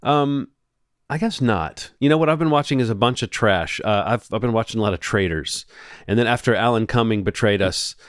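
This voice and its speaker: A man's voice: lowish voice, fairly quick, no room sound, clean studio sound. A man co-hosting a movie podcast, chatting casually in long, rambling stretches. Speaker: podcast co-host. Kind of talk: casual chat.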